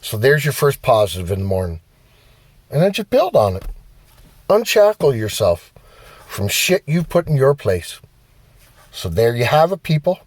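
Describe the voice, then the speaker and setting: A man's voice: mid-range voice, normal speed, pauses often, no echo. A man giving a blunt, profane motivational rant as a vlogger. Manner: blunt, heavy swearing, animated. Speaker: vlogger and driver.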